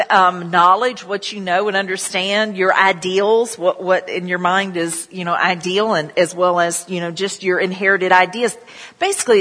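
A woman's voice: medium pitch, fairly bright tone, big-room sound. A middle-aged woman pastor, leading prayer and telling chatty stories in a sermon, full of "you know" asides. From southern United States.

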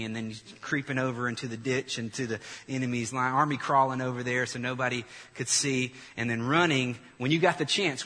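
Bright, husky-voiced man preaching. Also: mid-range voice. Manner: animated storytelling, calls on the congregation to repeat lines. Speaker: pastor. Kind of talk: sermon. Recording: long hall reverb.

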